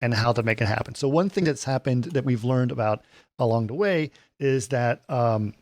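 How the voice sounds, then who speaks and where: A man's voice: mid-range voice, normal speed, darkish tone, no echo, clean studio sound. A man co-hosting a casual film podcast, recapping the plot step by step and often agreeing with his partner. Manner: plot recaps with fillers and restarts, frequent agreeing "right". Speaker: podcast co-host.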